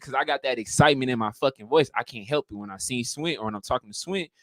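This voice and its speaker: A man's voice: medium pitch, very fast, no room sound. A man hosting a casual livestream, talking in a profane, emphatic way and acting out greetings. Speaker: livestream host.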